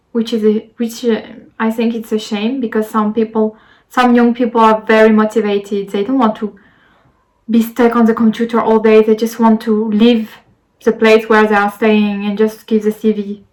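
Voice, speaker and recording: A woman's voice: a little high, poor audio. A young woman with a French accent, telling a rambling story to her camera in a casual vlog, with lots of fillers and restarts. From France. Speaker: vlogger.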